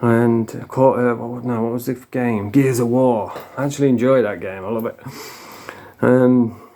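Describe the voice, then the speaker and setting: A man's voice: mid-range voice, steady tone, moderate pace, warm tone. A man, a former addict telling his story in a frank, casual monologue full of swearing. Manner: frank, swears a lot, plain-spoken.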